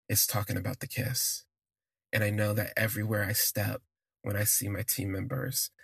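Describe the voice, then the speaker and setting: A man narrates a personal story for his podcast in a relaxed, conversational way. He lingers on his words and drops in fillers as he goes. His voice is gravelly and a little husky, and it sounds close and dry with no room sound. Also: fairly low pitch, no echo.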